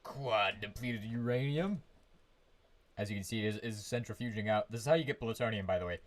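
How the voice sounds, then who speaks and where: A man's voice: lowish voice, a little fast. Guy streaming a game from his room, rambly, hums to himself, keeps restarting sentences. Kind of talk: casual live gameplay commentary.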